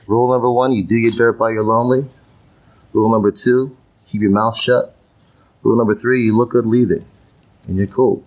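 A man's voice: medium pitch, steady tone, fairly quick, long pauses, lo-fi sound. A man talking as a podcast guest, emphatic and repeating words as he works toward his point. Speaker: guest, youth coach. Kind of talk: conversational podcast interview.

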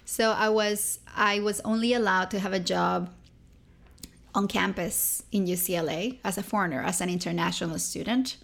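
A young woman from Venezuela tells a personal story as an interview guest. Her voice has a gravelly fry, and she talks in a lively way, popping into little voices for the people she quotes. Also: medium pitch, moderate pace. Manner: animated, acts out quoted people.

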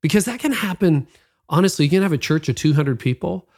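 A man's voice: on the high side, animated, quick pace, a little mellow, breathy edge. A man hosting a podcast interview, asking reflective questions in a conversational way. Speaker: podcast host.

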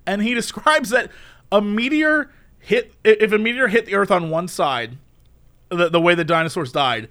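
A young man co-hosting a podcast, telling a dream story in casual chat, animated and laughing often. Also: high voice, brisk. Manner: animated, laughs often, shouts silly catchphrases. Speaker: podcast co-host.

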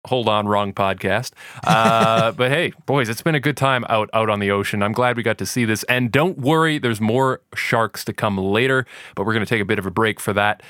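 A man hosts a podcast, talking through an episode in loose, joking chat. His voice is bright and forward. The sound is dry and close, with no room around it. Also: lowish voice, moderate pace, few pauses, dry recording. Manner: jokey, self-mocking, swears casually. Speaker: podcast host. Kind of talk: casual podcast chat recapping a show.

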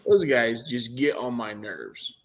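Man, mid pitch, podcast co-host, casual chat, blunt, swears freely. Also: lively intonation, slow. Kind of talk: casual chat about wrestling.

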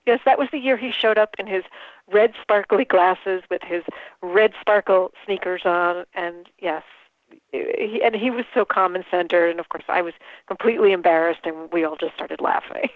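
A woman organizer telling an embarrassing story in a casual interview, animated and quick to laugh. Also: lowish voice, dry recording. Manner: animated, laughs often, restarts sentences. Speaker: event organizer, guest. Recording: tinny phone line.

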